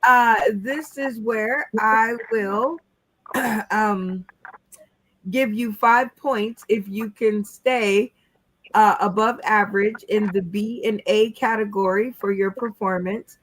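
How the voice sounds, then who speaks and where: A woman's voice: mid-range voice, fairly even intonation, takes it slowly, a bit bright. A woman hosting a casual online comedy game show, easygoing and chatty. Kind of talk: casual chat. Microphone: video call.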